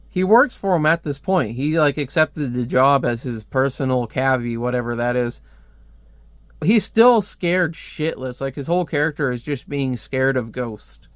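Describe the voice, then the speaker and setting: A man's voice: on the high side, no room sound. A man casually reviewing a comic book on video, rambling with lots of filler words and restarts, close to the mic at home.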